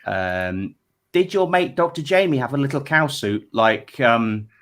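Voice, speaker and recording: A man hosting a comedy panel over a video call, with an ordinary mid-range pitch that swings widely as he talks. His delivery is loose and chatty, padded with fillers, and he reads out viewer texts between questions. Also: expressive, a little slow, a bit bright. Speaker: comedy panel show host. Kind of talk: casual comic hosting, reading out viewer texts.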